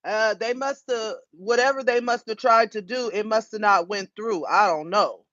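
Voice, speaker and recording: A woman's voice: on the high side, a little slow, a bit bright, dry recording. A woman hosting a casual livestream, talking bluntly and emphatically, with frequent swearing. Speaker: livestream host. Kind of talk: casual live-stream chat. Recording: dull, dry lo-fi phone audio.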